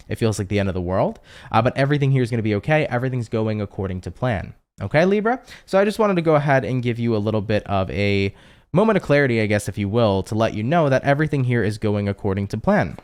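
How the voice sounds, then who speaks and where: Chatty, reassuring young man reading tarot. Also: mid-range voice. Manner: chatty, reassuring, lots of fillers and rhetorical questions. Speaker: tarot reader. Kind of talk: casual tarot reading to camera.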